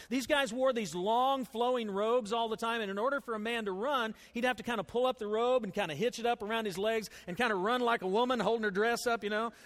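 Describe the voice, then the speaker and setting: A man preaching a sermon as pastor, folksy and animated, swinging between loud bursts and soft asides. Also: very high-pitched. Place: church sanctuary with congregation. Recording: long hall reverb.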